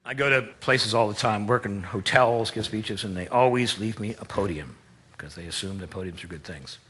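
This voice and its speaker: A man giving a presentation-skills seminar in a lively, emphatic, conversational way with playful asides. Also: lowish voice, brisk, husky. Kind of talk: live seminar talk. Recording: long hall reverb.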